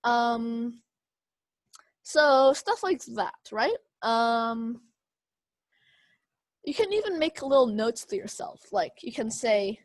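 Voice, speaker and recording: Woman, speech class instructor, slow hesitant delivery, lots of ums, raised pitch, dry video-call sound. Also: lively intonation, no room sound. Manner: hesitant, many fillers, slow and explanatory.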